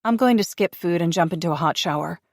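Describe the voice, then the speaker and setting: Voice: mid-range voice, no echo, clean studio sound, pitched above the performer's own voice, natural voice. An audiobook narrator voicing a stubborn young human woman who snaps back indignantly. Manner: indignant, quick to snap back.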